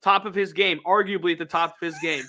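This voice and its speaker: Bright, energetic male sports podcast host. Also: high voice, quick pace. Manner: energetic, promotional, emphatic. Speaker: podcast host and team reporter. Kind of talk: casual sports podcast chat.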